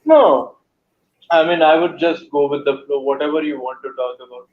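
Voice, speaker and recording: A man's voice: on the high side, moderate pace. A man in a casual online voice chat, talking in formal, wordy phrases with many hesitations. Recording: echoey, muffled voice chat audio.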